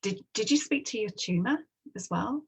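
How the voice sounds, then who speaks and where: A woman hosting a spiritual conversation, gentle and affirming, heard over a video call. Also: mid-range voice, lively intonation, moderate pace, gravelly, husky. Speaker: host. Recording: dull lo-fi video call audio.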